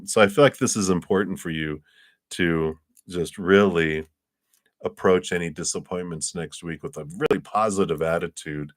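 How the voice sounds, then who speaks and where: A man giving a casual, upbeat and reassuring tarot reading on a livestream, a little drowsy and yawning. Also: deep voice. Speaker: tarot reader.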